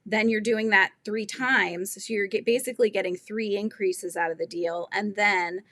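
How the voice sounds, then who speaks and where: This California woman hosts a live crochet chat, reasoning aloud as she goes over pattern steps with her viewers. She speaks at normal speed with a medium pitch and a steady, fairly bright tone on a dry recording.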